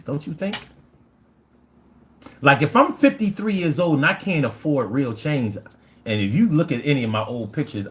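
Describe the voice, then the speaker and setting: Animated Philadelphia man in his fifties. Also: medium pitch, a little hiss or hum. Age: 50s. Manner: animated, profane, slangy storytelling. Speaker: livestream host reading chat. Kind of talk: casual chat.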